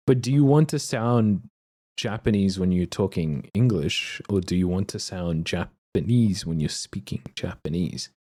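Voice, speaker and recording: A young man livestreaming, chatting casually and excitably with viewers and reading chat aloud. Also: sits low, unhurried. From Australia.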